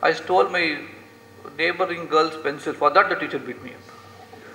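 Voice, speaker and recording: A man voicing a small upset girl, who pleads quietly, in an echoey hall. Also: a little high, moderate pace. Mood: pleading. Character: upset young girl, around three or four.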